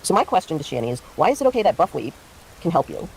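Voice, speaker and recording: A woman's voice: sits low, very animated, very fast, creaky, slight background noise. A woman streamer giving casual livestream commentary, ranting in a heated, indignant and profane way.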